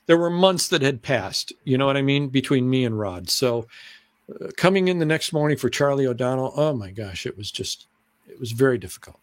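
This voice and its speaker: A middle-aged man, a former TV announcer and weatherman, telling stories as an interview guest, animated and often clearing his throat. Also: a little fast, no echo. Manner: animated, acts out excited voices in a high pitch. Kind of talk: conversational storytelling.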